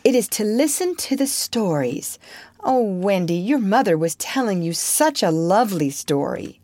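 A woman's voice: mid-range voice, big pitch swings, a little slow, mellow, no echo. A woman voicing a cocky, cunning young boy in a storybook reading, boastful and coaxing. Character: cocky, cunning boy Peter who never grows up.

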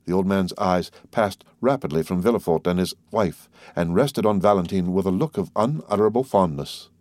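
A man narrates a classic novel in a steady, even reading voice. His tone sits on the low side, and the recording is dry and close with no room sound. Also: normal speed, no room sound. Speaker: audiobook narrator. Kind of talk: scripted narration.

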